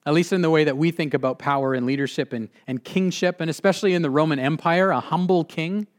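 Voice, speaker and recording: A man preaches a sermon in a voice sitting a touch above the usual male range. He is earnest and deliberate, slowing down to lean on key phrases. He lets his voice sink low and soft as each point closes. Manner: earnest, with slowed emphatic phrasing and drops to a quiet close. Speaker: pastor.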